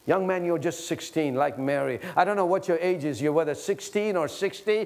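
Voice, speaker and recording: A male pastor preaching a sermon with fervent passion, swinging from hushed lines to shouted ones and leading the listeners in repeating prayers. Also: fairly high pitch, normal speed, hardly any pauses. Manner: fervent and impassioned.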